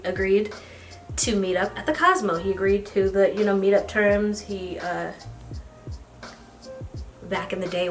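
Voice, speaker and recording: Young woman, beauty vlogger, chatty get-ready-with-me story, animated, faint music behind. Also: mid-range voice. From United States. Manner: chatty, animated storytelling with bursts of excited squealing.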